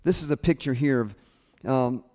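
A man's voice: mid-range voice, normal speed. A man preaching a sermon, telling a personal story and acting out the people in it as he quotes them. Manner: storytelling with lively quoted voices. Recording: long hall reverb.

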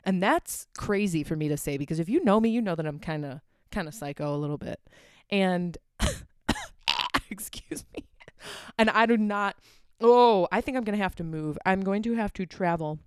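A woman's voice: mid-range voice, expressive, normal speed, smooth, no echo, studio quality. A young adult woman hosting a solo podcast from her apartment, ranting casually, swearing often and getting sidetracked. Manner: rambling, profane, easily sidetracked. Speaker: podcast host.

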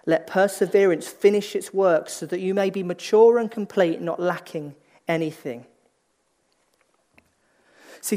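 A man preaching a conversational sermon, dropping from lively emphasis to hushed, slow lines and often restarting phrases as he thinks aloud. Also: a little high.

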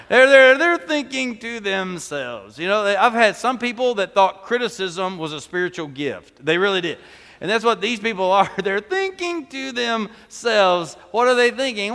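Bright high-voiced man preaching in reverb. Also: big pitch swings, normal speed. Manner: conversational preaching with humorous asides. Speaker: pastor. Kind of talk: sermon. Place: church sanctuary. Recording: long church reverb.

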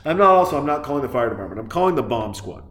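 A man rambling through a comedic movie recap, profane and excitable, jumping from point to point. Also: medium pitch, rapid-fire, echoey room. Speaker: movie reviewer.

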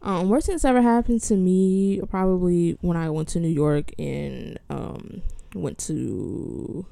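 Young woman from Los Angeles, low gravelly voice, easygoing. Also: measured pace, no echo. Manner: relaxed, hesitant with fillers. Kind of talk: casual chat.

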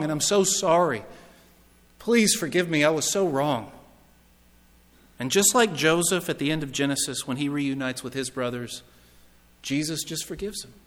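A man preaching a sermon, telling the story with swings between loud, lively lines and hushed ones. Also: medium pitch, long reverb tail.

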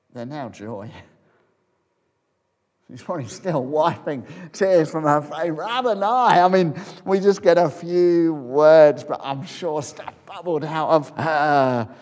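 A man preaching a sermon, retelling a story as if picturing it, dropping to a hush and then rising again. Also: on the high side, long reverb tail. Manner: storytelling, imagining scenes aloud, swinging from loud to hushed.

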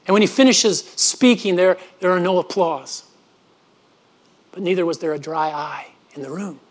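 A man's voice: high voice, normal speed. A man preaching a sermon, earnest and storytelling, often restarting his words. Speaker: pastor.

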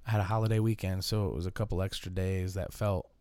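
A man co-hosting a casual podcast, answering in short, low-key replies. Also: fairly even intonation, fast, warm tone, a little hiss or hum. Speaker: podcast co-host.

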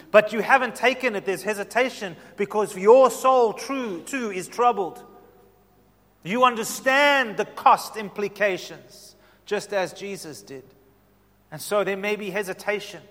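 Male pastor, high bright voice, impassioned sermon, loud-to-soft swings, church hall echo.

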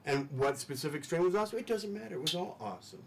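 A man's voice: on the high side, expressive, fast, creaky, a little hiss or hum, low-quality recording. A man talking as a studio guest in casual talk-show chat, enthusiastic and rambling, repeating words as he restarts his sentences.

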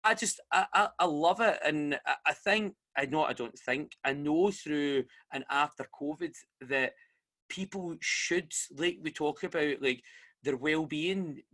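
A Scottish man hosting a casual chat, telling a story with lively energy and acting out the voices of the people he quotes. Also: a little high, measured pace.

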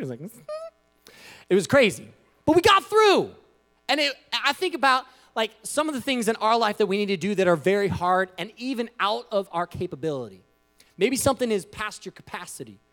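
A man preaching, telling a personal story in a loose, conversational way with frequent asides, swinging from quiet to loud as he acts out what people said. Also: sits high. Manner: animated, conversational, with frequent "you know" asides. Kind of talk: storytelling sermon.

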